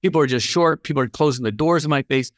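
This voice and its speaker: A man, an auctioneer guest on a podcast, telling a personal story in an animated way and acting out the dialogue. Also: a little high, quick pace, no room sound, clean studio sound.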